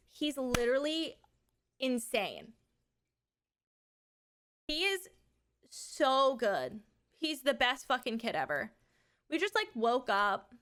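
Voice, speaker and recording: A woman's voice: a little high, fairly bright tone. A woman live streamer in a casual, rambling chat who swears freely.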